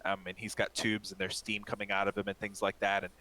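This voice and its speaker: A man's voice: on the low side, completely flat delivery, quick pace, sharp tone, rough recording. A man narrating as game master in a casual, rambling way, full of fillers and restarts.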